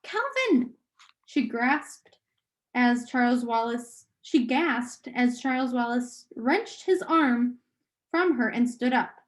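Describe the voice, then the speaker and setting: A woman's voice: a little high, takes it slowly. Woman reading a novel aloud. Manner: steady reading with occasional restarts. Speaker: audiobook reader.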